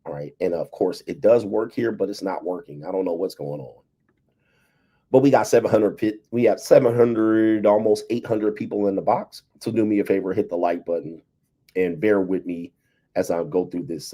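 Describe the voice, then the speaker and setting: A man's voice: deep voice, mellow, husky. A man hosting a casual livestream, talking loosely to his viewers, laughing often and reading out chat messages. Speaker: livestream host.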